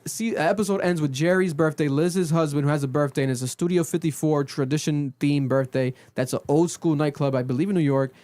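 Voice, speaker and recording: A man co-hosting a podcast, recapping a reality show in casual chat and acting out quotes with sudden pitch jumps. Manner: animated storytelling, acts out quotes with big pitch jumps. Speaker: podcast co-host. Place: podcast studio.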